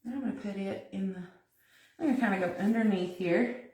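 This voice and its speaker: A woman's voice: medium pitch, fairly quick, darkish tone. Chatty woman crafting in an echoey kitchen. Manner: chatty, giggly, thinking aloud while working. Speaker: craft tutorial host. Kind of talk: live-stream crafting demo, chatting to viewers. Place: her kitchen, indoors. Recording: echoey kitchen, mic at a distance.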